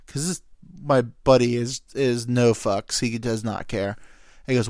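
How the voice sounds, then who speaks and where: A man's voice: mid-range voice, a little slow, darkish tone, dry recording, studio quality. A young man hosting a solo podcast, telling a story in a rambling, profane and self-mocking way, with lots of ums and quoted dialogue. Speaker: podcast host.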